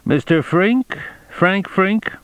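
A man voicing a sneering male plainclothes police officer in an audiobook, with a taunting, sharp delivery. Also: high-pitched, expressive, slow pace, no room sound, pitched above the performer's own voice, exaggerated voice. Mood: curt.

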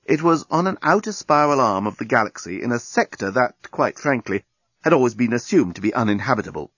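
A man narrating an audiobook in a lively, expressive reading. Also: mid-range voice, brisk, breathy edge, no room sound. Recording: dull dry recording.

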